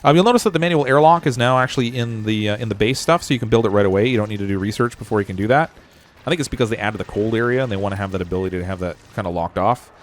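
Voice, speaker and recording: A man's voice: fairly low pitch, racing, a little hiss or hum. A young Canadian man with a Canadian accent, live-streaming and commenting on his gameplay, chatty, thinking aloud with fillers and corny jokes. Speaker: game streamer.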